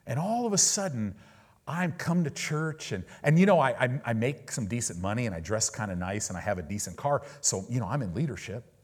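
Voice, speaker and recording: A man's voice: mid-range voice, animated, fairly quick, slightly rough. A man preaching a sermon in a conversational style, with sudden emphatic peaks and prayers spoken aloud.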